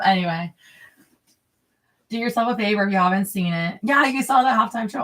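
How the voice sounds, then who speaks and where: A woman's voice: medium pitch, moderate pace, pauses often, a bit bright, distant mic. Chatty woman reading aloud, a bit off-mic. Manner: chatty and crude, drifting off with rambling asides. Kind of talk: reading a memoir aloud with off-script asides.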